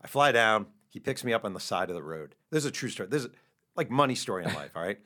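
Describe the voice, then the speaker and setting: A middle-aged man, an author being interviewed, telling animated stories in a casual chat and laughing along with his own anecdotes. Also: on the low side, quick pace. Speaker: author guest.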